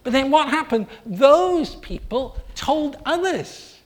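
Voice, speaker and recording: A preacher giving an earnest sermon, telling a story with steady repetition. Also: high voice, takes it slowly.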